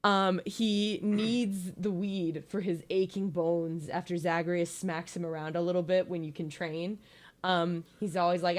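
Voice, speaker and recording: A woman's voice: lowish voice, steady tone, moderate pace, darkish tone. A young woman giving a casual, joking slideshow presentation, playful and giggly with lots of ums.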